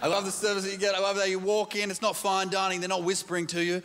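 A man, performing a stand-up comedy set with animated storytelling and quick jumps into quoted voices. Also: high voice. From Australia. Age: 30s. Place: large comedy theatre stage. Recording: live hall with audience noise.

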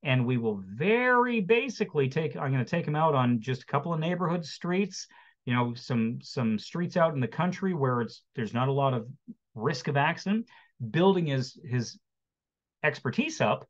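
A man in his forties giving a motivational webinar talk as a therapist, lively and acting out quotes and jokes for an online audience. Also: a little high, moderate pace. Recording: dull lo-fi webinar audio.

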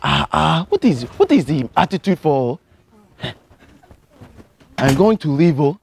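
A man's voice: on the high side, expressive, a little slow, gravelly, husky, voice pushed up, heavily acted. Young man putting on a pushy Nigerian-accented student. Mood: insistent. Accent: Nigerian (put on). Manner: insistent, exclamatory "oh" and "ah, ah" tags. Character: pushy male Nigerian student wanting to learn scamming. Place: college lecture hall.

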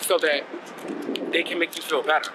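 Sassy, animated New man vlogging outdoors. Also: fairly high pitch, normal speed. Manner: animated, exclaiming, sassy slang. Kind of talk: casual vlog chat. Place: streets and a train around Long Island and the city. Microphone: handheld phone or camera. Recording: noisy outdoor phone recording.

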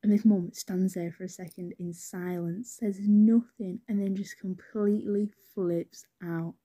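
A woman's voice: medium pitch, fairly even intonation, measured pace, warm tone, slightly rough. A young woman with a British accent, telling a personal story in a rambling, chatty way, swearing freely and saying "anyways" a lot. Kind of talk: casual storytime narration.

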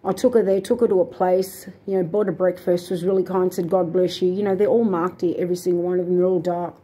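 Husky-voiced aggrieved woman. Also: lowish voice, steady tone, quick pace, dark tone. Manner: aggrieved, indignant retelling with many fillers and restarts. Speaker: vlogger. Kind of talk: rambling personal storytelling.

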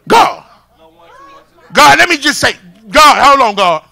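A male pastor, preaching a sermon and moving from shouts and call-and-response to quiet, close talk. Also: very high voice, big pitch swings, slow pace, gravelly. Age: 50s. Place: church sanctuary with congregation.

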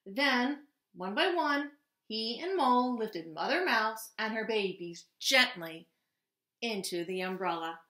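A woman reading a children's picture book aloud in a gentle, expressive way. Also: fairly high pitch, takes it slowly, roomy sound. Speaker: storybook reader. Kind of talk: children's story read-aloud.

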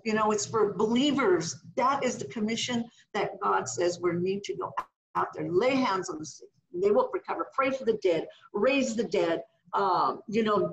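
A middle-aged woman minister, a podcast guest, telling a healing testimony in an animated way and acting out the voices she quotes. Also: mid-range voice, slight background noise, low-quality recording. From California.

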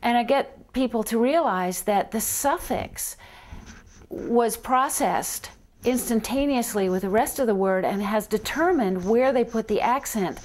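A middle-aged woman, a reading researcher, answering interview questions in a measured, explanatory way, spelling out letters as examples. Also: a little high, a little mellow.

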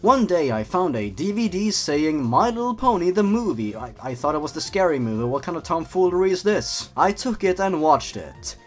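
A man narrating and mocking the stories he reads, with sarcastic, deadpan asides. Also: a little high, moderate pace, hardly any pauses, soft background music. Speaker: YouTuber narrator. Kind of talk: comedic reading with commentary.

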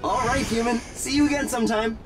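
Laid-back high robot customer. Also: male voice, fairly even intonation, brisk. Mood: easygoing. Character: friendly male robot customer with a car. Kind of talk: video game voice acting. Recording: game music behind. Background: music.

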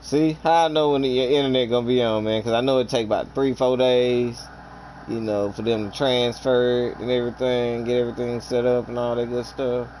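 A man's voice: mid-range voice, steady tone, brisk, a little mellow. A man streaming a game, griping about teammates in casual, joking banter with his younger brother. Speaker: gaming streamer. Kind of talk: casual commentary while playing a game. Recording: game sounds and noise behind.

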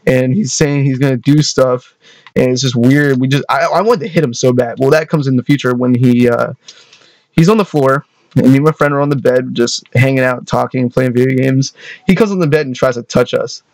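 A man's voice: mid-range voice, a little fast, darkish tone, dry recording. A young man casually telling a storytime tale, rambling, restarting his sentences and often adding "you know what I mean".

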